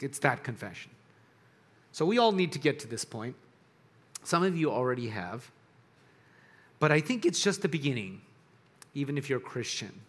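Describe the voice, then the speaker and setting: A man delivers a sermon in a loose, conversational way. His voice sits a little high for a man, and he often restarts a sentence mid-thought as he works toward his point. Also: a bit bright. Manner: conversational, searching for words with restarts. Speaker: pastor.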